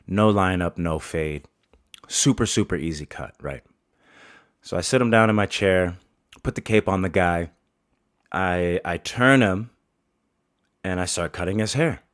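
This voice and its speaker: A man's voice: deep voice, no room sound, clean studio sound. A man, a barber, telling a story casually, with lots of swearing and laughter.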